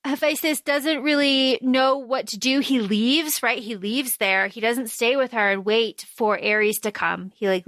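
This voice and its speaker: A woman's voice: sits high, pushed and bright, dry recording, clean studio sound. A woman co-hosting a podcast, frankly and profanely recapping a book's plot in casual chat. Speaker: podcast co-host. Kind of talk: casual book-discussion chat.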